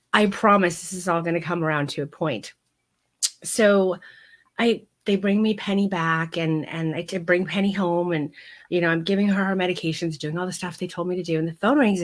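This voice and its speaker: Animated woman, middle-aged, chatty storyteller, playful impressions, live coaching. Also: on the low side. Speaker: photography coach.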